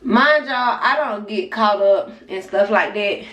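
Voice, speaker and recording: A woman's voice: mid-range voice, a little slow, fairly bright tone, lo-fi sound. A young woman vlogger telling a casual story, chatty and speaking straight to her viewers with side remarks. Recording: distant mic with faint music.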